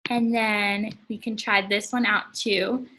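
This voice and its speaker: A woman's voice: medium pitch, level tone, takes it slowly, bright, forceful tone, rough recording. A young woman presenting a classroom lesson in a casual tone, explaining words one by one. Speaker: language and culture presenter. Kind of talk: classroom teaching.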